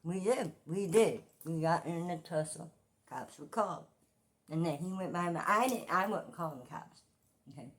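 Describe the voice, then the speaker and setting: Mujer de cuarenta años, comentarista malhablada. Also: female voice, on the low side, normal speed. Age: 40s. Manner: profane, repetitive, animated with loud outbursts. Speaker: commentary vlogger. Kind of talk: casual ranting commentary.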